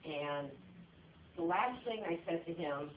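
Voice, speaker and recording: A woman giving a funeral eulogy, sharing personal memories in a conversational way with pauses and restarts. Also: deep voice, lively intonation, slight background noise. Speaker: eulogy speaker. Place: funeral service room. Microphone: phone recording from the audience. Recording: echoey room, distant tinny phone audio.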